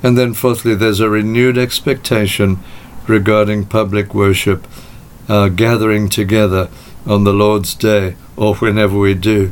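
A man preaching a sermon as pastor, with measured delivery and slowed, emphatic phrases. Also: on the low side, flat delivery, a little hiss or hum.

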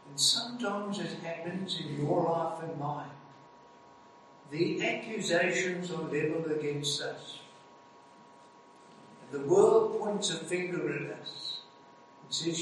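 Slow, echoey man preaching a sermon. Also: on the high side, a little hiss or hum. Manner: dramatic, rising to emphatic peaks with slow stressed phrases. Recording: echoey hall, heard from a distance.

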